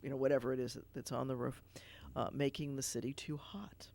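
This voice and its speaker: A man with a gravelly edge to a mid-pitched voice, talking things through as a rabbi on a local TV studio show. He explains at length, circling back with fillers and restarts, thoughtful rather than polished. The tone stays conversational throughout. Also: level tone, a little fast, darkish tone. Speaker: rabbi sitting in as TV show host.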